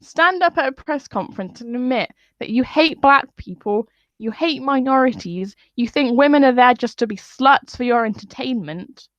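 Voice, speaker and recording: A woman's voice: fairly high pitch, no room sound. A woman venting in a profane, scornful live-stream rant. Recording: dull lo-fi dry sound.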